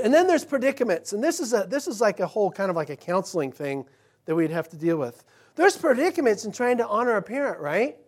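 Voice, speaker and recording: High-voiced male pastor preaching conversationally. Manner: conversational preaching that swings from loud emphasis to hushed. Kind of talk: sermon. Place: church.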